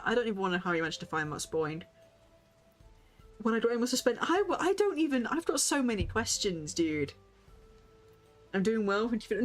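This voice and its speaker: A woman, chatting excitably and giggling as she streams a game and talks to her viewers. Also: medium pitch. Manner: excitable, giggly, reacts aloud and chats with viewers. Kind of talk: casual live-stream game commentary.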